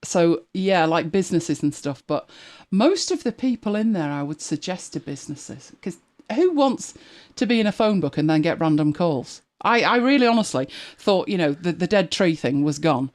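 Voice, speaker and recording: She speaks at normal speed with few pauses, her low, slightly mellow voice carrying lively intonation. The host of a live podcast, this Manchester woman with an English accent chats casually, offering wry everyday anecdotes and laughs.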